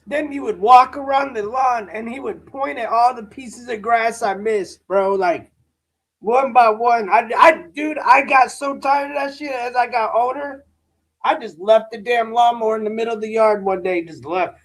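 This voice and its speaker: Hosting a live stream, this man talks at normal speed in an extremely high, slightly bright voice. His casual storytelling wanders, and his rants are profane and slangy, full of "bro" and "dude."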